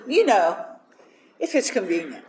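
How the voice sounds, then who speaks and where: A woman's voice: medium pitch, big pitch swings, measured pace, darkish tone, a little hiss or hum. Candid woman telling her story, roomy echo. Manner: candid, self-deprecating, laughs often. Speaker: speaker sharing a recovery story. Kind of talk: personal testimony talk.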